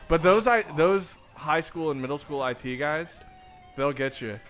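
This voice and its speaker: Casual co-host, man, bright forward tone, dry sarcastic storyteller, light music underneath. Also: a little high. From northern US. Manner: sarcastic storyteller, quick jokes. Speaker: podcast co-host. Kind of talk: casual chat.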